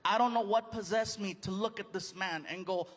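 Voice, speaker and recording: High-voiced comedian spinning a story. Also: male voice, heavy background noise. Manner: animated, quick, full of voices and impressions. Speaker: stand-up comedian. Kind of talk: stand-up storytelling. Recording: live hall recording with audience ambience.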